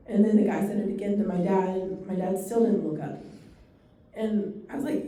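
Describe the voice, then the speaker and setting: A woman giving a dementia care training talk to a live audience, telling stories and quick asides in a fast, animated way. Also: medium pitch. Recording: echoey room from far off.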